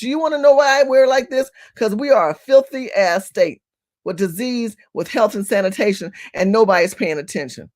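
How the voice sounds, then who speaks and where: A woman with a fairly high voice hosts a live stream. She talks straight to her viewers as "family", hammering points home by repeating them. Rhetorical questions come one after another. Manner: emphatic and repetitive, firing rhetorical questions at viewers. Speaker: livestream host.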